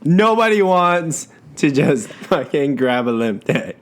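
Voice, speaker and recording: Laid-back man with a deep, lively voice. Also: takes it slowly. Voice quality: deep, relaxed voice. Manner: laid-back, swears casually, laughs a lot. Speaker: podcast co-host. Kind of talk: casual chat.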